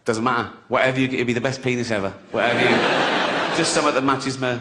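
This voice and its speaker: Crude comic on stage. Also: male voice, medium pitch, fairly even intonation, quick pace. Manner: crude, mocking, acts out silly voices. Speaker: stand-up comedian. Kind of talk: stand-up routine. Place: stage before a live audience. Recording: loud background noise from a live crowd. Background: loud audience laughter.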